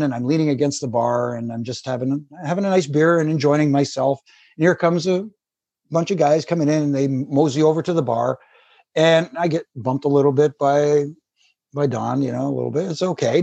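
A man with a husky voice tells rambling stories from his refereeing days, laughing at himself. The sound is dry and close. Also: a little high, a little fast, warm tone, dry recording. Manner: rambling anecdotes with restarts and laughter. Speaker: former wrestling referee. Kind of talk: casual storytelling.

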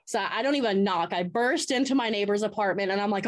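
Animated woman telling her ghost story. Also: mid-range voice, quick pace. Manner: animated storyteller who acts out her own past words. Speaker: podcast guest. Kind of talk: first-person ghost story told in an interview.

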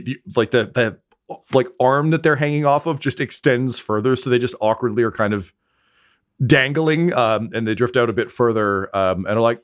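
A man's voice: mid-range voice, moderate pace. A man narrating a tabletop game as game master, hesitant and full of filler words.

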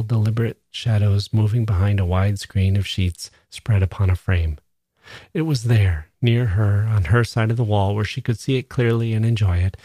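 A man reads literary fiction aloud in a measured, unhurried way. His voice is low and mellow, with a soft, dark tone. The sound is close and dry, with no room echo. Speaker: narrator. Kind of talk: literary reading.

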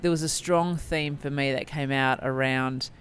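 A woman's voice: a bass voice, fairly even intonation, normal speed. A woman chats casually as a podcast co-host, reflective and enthusiastic, often restarting her sentences. A faint hiss sits under the recording. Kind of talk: casual chat.

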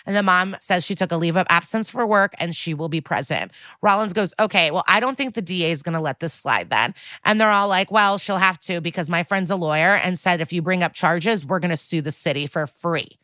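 A woman's voice: fairly low pitch, fairly quick, pushed and bright, dry recording. A woman co-hosting a podcast, recapping a TV episode in a sarcastic, casual way and acting out the quoted lines. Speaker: podcast co-host.

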